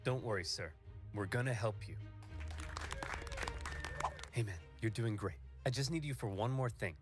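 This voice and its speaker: A man giving scripted, comedic history narration with wry, deadpan jokes over background music. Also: fairly low pitch, normal speed, over a noisy crowd.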